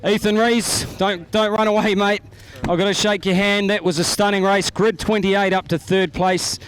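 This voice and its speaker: A man's voice: high-pitched, little pitch movement, moderate pace, fairly bright tone. A man with a New Zealand accent interviewing drivers trackside after a race, upbeat and chatty. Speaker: pit interviewer. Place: outdoors at a speedway.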